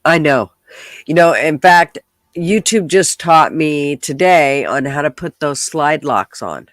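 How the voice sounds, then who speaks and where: A man's voice: on the high side, animated, slow pace, a bit bright, no echo. Stuffy-nosed man chatting casually. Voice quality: nasal. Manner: rambling, chatty, swears casually. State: congested, stuffy nose. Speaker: podcast host. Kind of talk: casual livestream chat.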